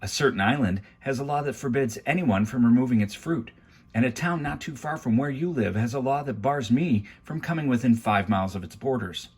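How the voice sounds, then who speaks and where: A man's voice: mid-range voice, expressive, fairly quick, darkish tone, breathy edge. A man reading a children's book aloud at home, with wry, confiding asides to the listener. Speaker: storybook reader. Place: home garage.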